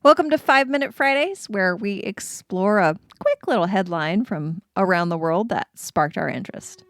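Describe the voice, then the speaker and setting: A woman's voice: medium pitch, animated, normal speed, no echo, clean studio sound. A woman co-hosting a podcast, reading a news article aloud in a put-on newscaster cadence and laughing easily. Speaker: podcast co-host.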